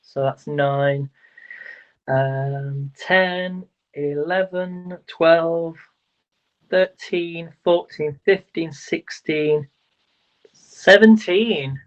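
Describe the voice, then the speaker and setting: Here a livestream quiz host with a higher male voice draws out his words, chatting away, fumbling phrases and counting aloud. Sound quality is muffled and lo-fi.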